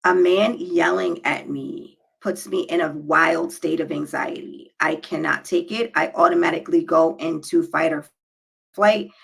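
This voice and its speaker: Gravelly, bright-voiced woman giving advice. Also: lowish voice, rough recording. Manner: emphatic, preachy, checks in with "okay?" and "right?". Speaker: relationship advice vlogger. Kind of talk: direct-to-camera advice talk.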